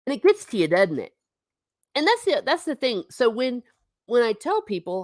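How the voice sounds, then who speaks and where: A woman's voice: a little high, very animated, normal speed, a little mellow, no room sound, studio quality. A middle-aged woman hosting a casual livestream chat, reading viewer comments and laughing often with self-mocking asides.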